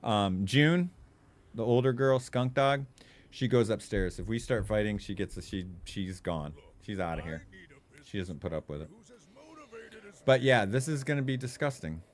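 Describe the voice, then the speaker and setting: A young adult man giving animated, profane gaming commentary, laughing often and chatting to his viewers. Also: lowish voice, normal speed. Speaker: streamer.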